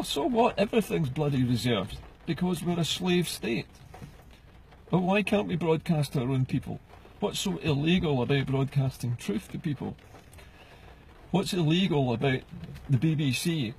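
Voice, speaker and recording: A man's voice: medium pitch, creaky, darkish tone, slight background noise, rough recording. A middle-aged Scottish man ranting passionately from inside a car, firing off rhetorical questions as a political vlogger. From Scotland. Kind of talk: ranting to camera.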